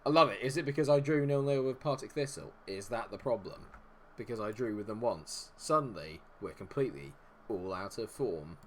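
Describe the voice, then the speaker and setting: Man, game stream commentary, lowish voice, swears at the match, chats to chat, faint hiss behind. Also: expressive, normal speed. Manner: exasperated, swears freely at the game; chatty with viewers between matches. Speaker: gaming streamer. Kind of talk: live gameplay commentary.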